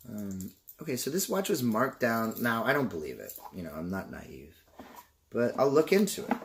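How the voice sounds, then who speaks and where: A man's voice: on the low side, creaky, a little hiss or hum. A young man from Canada opening boxes in a casual vlog, rambling and swearing and getting sidetracked. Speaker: vlogger.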